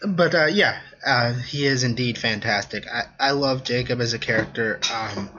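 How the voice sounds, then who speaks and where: A man's voice: medium pitch, moderate pace, highs cut off, noisy background. A man co-hosting a casual film review podcast, talking in a chatty, hesitant way with many ums and restarts. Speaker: podcast co-host.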